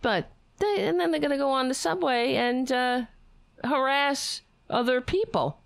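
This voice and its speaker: Woman host, casual reaction commentary, sarcastic, swears a lot, unhurried. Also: sits high, creaky, no room sound. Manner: sarcastic, profane ranting. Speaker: streamer reacting to video.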